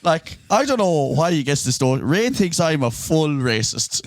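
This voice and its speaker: A man's voice: fairly high pitch, very animated, normal speed, no room sound. A man co-hosting a podcast, teasing his friend in casual banter and laughing often. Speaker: podcast co-host.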